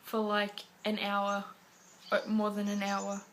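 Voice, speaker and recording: A woman's voice: mid-range voice, completely flat delivery, takes it slowly, fairly bright tone, slight background noise. An Australian woman chatting casually to camera as a parenting vlogger, rambling along with lots of fillers.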